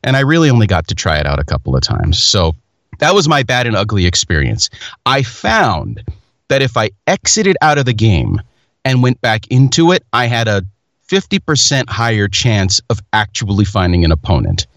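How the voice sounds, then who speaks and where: A man's voice: on the low side, wildly swooping pitch, normal speed, fairly bright tone, dry recording. A man hosting a casual chat, telling rambling stories with self-mocking humor.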